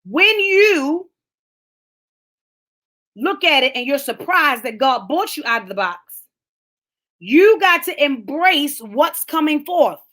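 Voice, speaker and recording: Middle-aged woman, fervent motivational preacher, high bright voice, casual phrasing. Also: sing-song, slow, long pauses. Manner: fervent preaching, talks straight to listeners by name; colloquial, rising to shouts. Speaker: speaker of a lunchtime empowerment talk. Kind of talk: sermon-style motivational talk.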